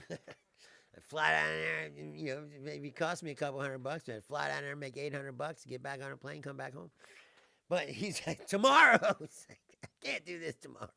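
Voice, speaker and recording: Comedian host, male, gravelly and bright, laughs through rambling chat. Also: fairly high pitch, fairly even intonation, normal speed, dry recording, studio quality. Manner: laughs often, loose rambling storytelling. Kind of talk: casual livestream chat.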